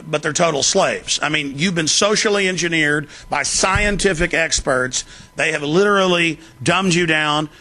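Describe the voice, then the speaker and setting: Man, talk-show host, gravelly voice, forceful tone, emphatic ranting commentary. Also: on the high side.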